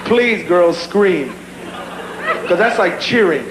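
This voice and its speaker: A man performing a live stand-up routine, animated and acting out characters, in front of a loud audience. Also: sits high, very noisy. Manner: animated, acts out characters in quick bits. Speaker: stand-up comedian. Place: comedy stage before an audience. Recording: echoey live hall with loud crowd.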